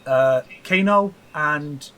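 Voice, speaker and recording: Chatty man, slightly high voice. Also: extremely slow, bright, forceful tone, clean tone. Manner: hesitant, repeats words, laughs often. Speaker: podcast host running a trivia iceberg. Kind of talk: casual gaming chat.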